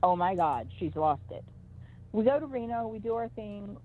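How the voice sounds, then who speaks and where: A woman's voice: medium pitch, expressive, normal speed. A middle-aged woman, a psychic reader, telling a personal story in a rambling, emphatic way with many restarts. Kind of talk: personal storytelling on a call-in show. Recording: tinny phone line.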